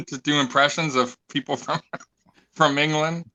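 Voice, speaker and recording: A man with a bright, somewhat high voice who ribs the others as podcast co-host. He laughs easily as he teases. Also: fairly even intonation, measured pace, no room sound, low-quality recording. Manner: teasing, laughs often. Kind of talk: casual podcast banter.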